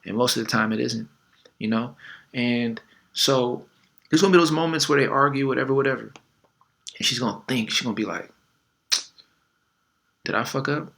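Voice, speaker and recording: Guy with a gravelly voice giving laid-back relationship advice, chatty, lots of fillers. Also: medium pitch, fairly quick, long pauses, a bit bright. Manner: conversational, many fillers and acted quotes. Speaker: dating coach. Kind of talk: casual advice talk.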